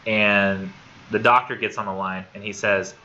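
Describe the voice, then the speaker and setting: Bright-voiced male instructor, lo-fi classroom. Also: lowish voice, fairly even intonation, normal speed. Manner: talkative, repeats words while thinking. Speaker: college literature instructor. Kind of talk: casual classroom discussion. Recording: dull lo-fi classroom recording with faint noise.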